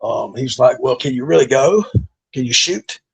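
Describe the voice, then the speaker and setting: A man's voice: mid-range voice, lively intonation, normal speed, creaky, breathy edge. A middle-aged man, a former pro wrestler, telling stories from his career in a laid-back, profane way, with lots of fillers. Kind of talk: casual storytelling interview.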